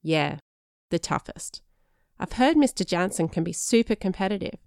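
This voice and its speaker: A woman's voice: fairly low pitch, expressive, normal speed, gravelly, a little mellow, clear, resonant tone, no echo. A woman voicing an earnest, science-keen teenage boy with dry humour.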